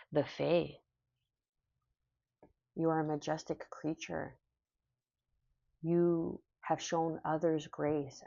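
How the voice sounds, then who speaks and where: A woman giving a spiritual tarot reading in a soft, slow, emotional and affirming way. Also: sits low, creaky, no room sound. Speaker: tarot reader. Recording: dull, lo-fi sound.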